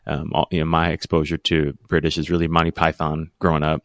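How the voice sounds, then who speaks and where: A deep, gravelly man hosts a casual podcast interview, upbeat and chatty. His voice sits dry and close, with no room around it. He often stumbles and restarts as he talks. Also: monotone, fairly quick, fairly bright tone, no room sound. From United States. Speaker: podcast host.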